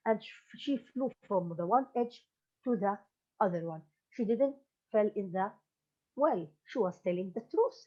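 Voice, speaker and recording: A woman tells a folk tale over a video call, her voice lively and animated. The call audio sounds a little muffled. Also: medium pitch, a little slow. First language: Arabic. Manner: lively, mixing in chanted rhymes. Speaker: storyteller.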